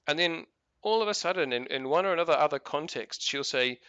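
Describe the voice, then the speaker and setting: An adult man who has been married for years streams a game, chatting casually, rambling and swearing freely. His voice is fairly high, animated, a little fast, sharp and clean, captured in a dry recording.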